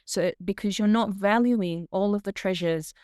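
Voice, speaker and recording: In a clean, dry studio recording, a middle-aged woman with an Australian accent tells stories as a podcast interview guest. Her medium-pitched voice is clear, resonant and darkish, moving at a moderate pace, and she's animated, laughing and often restarting.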